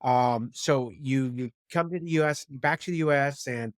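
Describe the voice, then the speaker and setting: A man's voice: mid-range voice, moderate pace, no room sound, clean studio sound. A man hosting a podcast interview who talks in a reflective, casual way. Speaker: podcast host. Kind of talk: interview talk.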